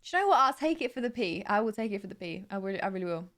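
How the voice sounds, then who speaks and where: A woman's voice: medium pitch, racing. Giggly young British woman chatting. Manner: giggly, chatty, playful, animated with hand gestures. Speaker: livestreamer. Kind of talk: casual chat with viewers.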